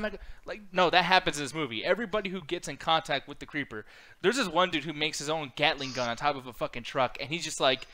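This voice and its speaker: A man in a loose late-night chat, a little higher than usual and strikingly bright and forceful. He rambles, swears freely and slips into quick put-on voices. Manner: animated, swearing, acts out quotes in funny voices. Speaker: host. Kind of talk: casual chat.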